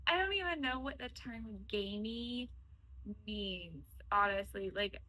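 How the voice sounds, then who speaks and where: A young woman with a bright voice chats casually with her husband. She talks loosely and pads her sentences with frequent "like" and "um.". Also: medium pitch, expressive, unhurried, low-quality recording. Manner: chatty, many "like" and "um" fillers. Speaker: guest, host's wife. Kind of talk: casual conversation.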